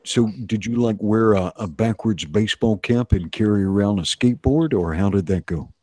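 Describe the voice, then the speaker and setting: A man's voice: fairly low pitch, moderate pace, a little mellow, no room sound. A man co-hosting a livestream, reading fan messages aloud in a laid-back, casual way. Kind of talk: casual chat.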